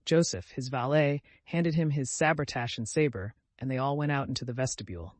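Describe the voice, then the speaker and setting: A man narrating an audiobook in a measured storytelling voice. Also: mid-range voice, no room sound. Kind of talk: scripted narration.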